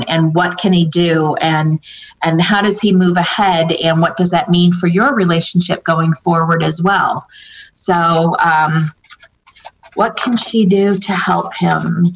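Low-voiced woman giving a hesitant psychic reading. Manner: hesitant, many fillers and restarts, relays what spirits tell her. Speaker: psychic medium answering viewer questions. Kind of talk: casual spoken reading. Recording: dull lo-fi recording.

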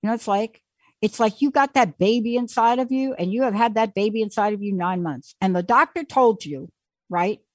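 A woman's voice: mid-range voice, brisk, a little mellow, no room sound. A woman hosting a radio call-in show, talking in an emphatic, pushy way as she coaxes her caller along. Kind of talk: casual call-in coaching.

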